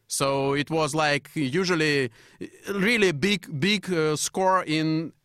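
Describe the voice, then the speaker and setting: A man's voice: a little high, slow, fairly bright tone, clear, resonant tone, dry recording, clean studio sound. A man with a Russian accent co-hosting a radio show, chatty and loose with fillers. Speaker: radio co-host.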